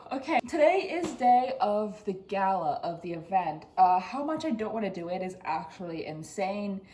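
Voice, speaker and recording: A vlogger in her twenties chats casually to camera from her home desk, ranting sarcastically about her frustrations and letting out sudden squeals. Her medium-pitched, darkish voice swings widely in pitch, moving at a moderate pace with hardly any pauses.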